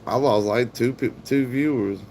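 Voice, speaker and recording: A man's voice: mid-range voice, moderate pace, darkish tone, a little hiss or hum. Joking man streaming. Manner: joking, rambling, profane. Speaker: live streamer. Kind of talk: casual live-stream chat.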